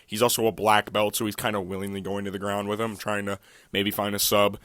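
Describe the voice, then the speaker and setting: A man giving a casual, profane, excitable recap of mixed martial arts fights, often breaking into laughter. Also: on the low side, a little fast, no echo. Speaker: MMA fight recap YouTuber.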